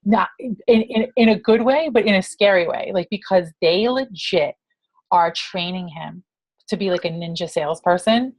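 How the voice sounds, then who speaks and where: Woman from New York, brash and profane, lowish voice, casual team call, animated storyteller. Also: normal speed.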